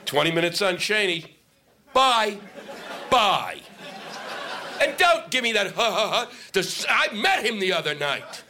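A man's voice: sits high, sing-song, measured pace, pauses often, bright, forceful tone, some chatter behind. Stand-up guy ranting and swearing, voice jumping all over, noisy live recording. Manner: profane, ranting, sarcastic. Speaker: stand-up comic. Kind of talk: stand-up comedy set. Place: live comedy venue with laughing audience. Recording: live set with audible audience noise.

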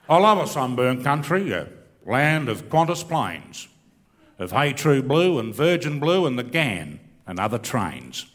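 Australian man, middle-aged, laconic storyteller, lively pitch, long hall reverb. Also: measured pace. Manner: laconic, rambling storytelling with restarts. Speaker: comedian and bush poet. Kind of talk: stand-up comedy with recited poem.

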